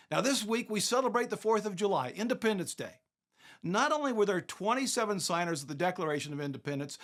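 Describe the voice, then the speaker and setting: A man's voice: on the high side, fairly bright tone. A man hosting his podcast, delivering scripted commentary with emphatic, rhetorical questions put to the listener. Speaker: podcast host.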